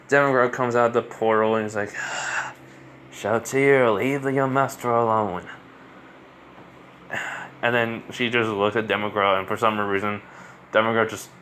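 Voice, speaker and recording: Man, casual storyteller, rambling, self-correcting, average pitch. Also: a bit bright, slight background noise. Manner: rambling, many fillers and restarts. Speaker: storyteller of fan stories.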